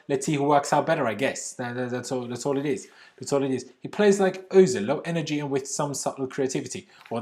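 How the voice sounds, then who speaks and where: Chatty Austrian man on a livestream. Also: medium pitch. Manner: chatty, reads viewer comments aloud and answers them; casual British slang, says "bloody" often. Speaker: football channel host. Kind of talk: casual livestream chat. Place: at home.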